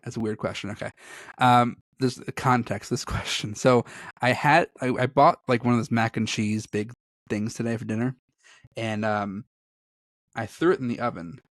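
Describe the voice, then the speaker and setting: Rambling and self-deprecating, a man co-hosts a podcast in casual conversation, often breaking into laughs. He has a medium pitch, a fairly bright tone, and a normal pace. The recording is dry and studio quality.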